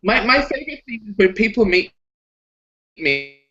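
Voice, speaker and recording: A man's voice: high-pitched, normal speed. A man from Australia, co-hosting a casual video chat, swearing as he tells stories. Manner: profane, animated storytelling. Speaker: channel co-host. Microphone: video call. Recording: choppy lo-fi internet call.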